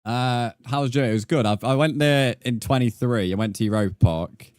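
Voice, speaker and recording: A man's voice: mid-range voice, fairly quick, a little mellow, dry recording, studio quality. A young man streaming a game, casually reading out and answering his chat with frequent laughs. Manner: chatty, reads and answers chat messages, laughs often.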